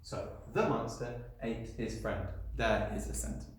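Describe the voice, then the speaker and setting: A man's voice: lowish voice, steady tone, a little slow, a little hiss or hum. A man, a primary school teacher, explaining patiently in a recorded video lesson and answering his own questions. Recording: very echoey room sound.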